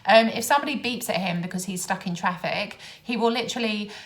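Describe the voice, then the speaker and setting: A young woman with a London accent ranting sarcastically in a casual vlog, exasperated and animated as she lists her gripes. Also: medium pitch, quick pace. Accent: London English. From London, England. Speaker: vlogger.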